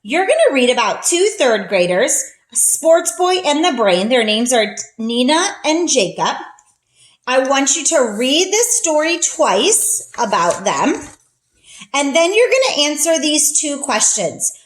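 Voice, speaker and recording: A woman's voice: high voice, very animated, a little slow. A woman teacher giving a patient, encouraging reading lesson for young children, explaining each step as she goes.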